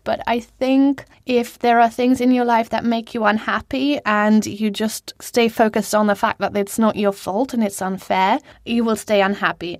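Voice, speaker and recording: Casual self-mocking woman host, young, dry close mic, mid pitch. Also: no room sound. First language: German. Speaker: podcast host. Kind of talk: solo podcast monologue. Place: small cupboard at home. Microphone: studio microphone.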